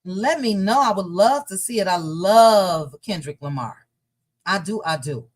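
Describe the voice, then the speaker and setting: A woman hosts a casual celebrity gossip livestream from her home. She talks at an unhurried, slow pace in a mid-range voice, chatting and reading viewer comments aloud. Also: medium pitch, expressive. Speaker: gossip show host.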